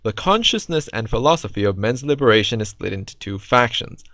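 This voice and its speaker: A man's voice: mid-range voice, expressive, fairly quick, sharp tone, dry recording. A man doing reaction commentary in a sarcastic, exasperated way. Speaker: response video commentator.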